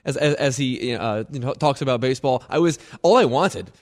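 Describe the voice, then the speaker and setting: A man's voice: medium pitch, a little fast. A man co-hosting a sports radio show, stammering through self-deprecating stories and dry jokes. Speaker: radio co-host. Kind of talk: casual sports radio chat.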